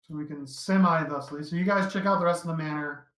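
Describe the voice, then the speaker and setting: A man narrating a tabletop game as dungeon master, easygoing and halting, with many fillers. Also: fairly high pitch, steady tone, fairly bright tone, echoey room, low-quality recording.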